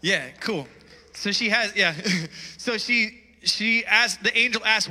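A man's voice: high-pitched, normal speed, pushed and bright, in a large hall, low-quality recording. A man preaching a sermon in a church, telling a story and calling his listeners with emphatic, rising appeals to wake up. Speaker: pastor. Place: church hall.

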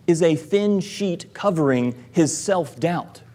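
A man, a church elder, preaching a sermon in a measured, deliberate way, giving quoted lines with emphasis. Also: high-pitched, expressive, darkish tone. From American South.

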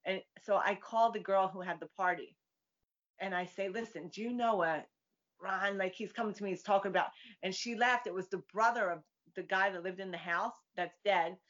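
On dull lo-fi audio, a psychic medium appearing as a guest chats casually, a chatty storyteller who voices the people she quotes. Her mid-range voice is fairly quick and a bit bright.

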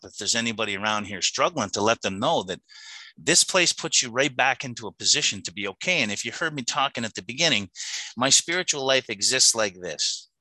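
A man's voice: mid-range voice, pushed and bright, no echo, rough recording. A middle-aged man giving an earnest, emotional personal testimony to a recovery meeting, often repeating words as he restarts his sentences.

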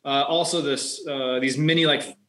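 A man's voice: mid-range voice, fairly even intonation, normal speed, a bit bright, echoey room. A man in casual chat, telling a rambling anecdote with lots of fillers. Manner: reactive, chatty, rambling.

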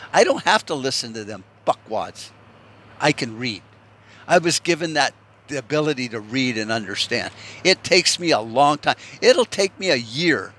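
Male, from the US, profane heated monologue; bright tone, lively pitch. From United States. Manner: profane, heated, rambling with restarts. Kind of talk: ranting monologue.

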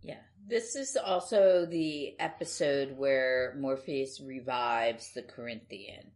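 A woman's voice: rumbling low, slow, darkish tone. A woman co-hosting a casual podcast chat about comics, thoughtful and rambling with hedging fillers. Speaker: podcast co-host. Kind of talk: casual comic book discussion.

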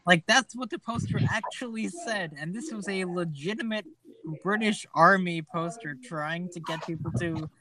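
A man co-hosting a casual podcast, animated and quick to laugh, firing off rhetorical questions. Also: sits high, a little hiss or hum. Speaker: podcast co-host.

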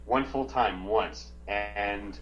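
A man's voice: lowish voice, extremely slow, a bit bright. Hesitant man chatting, slightly dull audio. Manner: hesitant, filler-heavy, laughs often. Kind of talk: casual chat.

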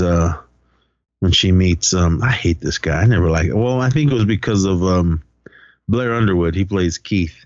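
A man's voice: sits low, no echo, dull audio. A man co-hosting a podcast, recapping a film in casual chat and acting out lines in a raised voice. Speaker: podcast co-host.

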